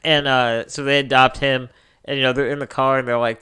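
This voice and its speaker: A young man co-hosting a casual podcast chat, animated and swearing freely as he retells movie scenes. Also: mid-range voice, a little fast, clear, resonant tone. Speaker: podcast co-host.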